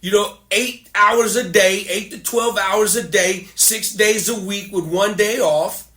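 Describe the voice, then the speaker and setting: Middle-aged man, podcast host, high voice, animated storyteller, laughs a lot, roomy echo. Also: a little slow. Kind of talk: casual conversation.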